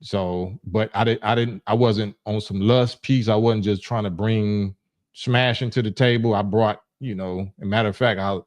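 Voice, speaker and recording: Middle-aged la guy hosting a live call-in, blunt slangy talk, kinda low voice. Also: fairly even intonation, moderate pace, a little mellow. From Los Angeles. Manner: blunt, streetwise slang, frequent restarts. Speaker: livestream host.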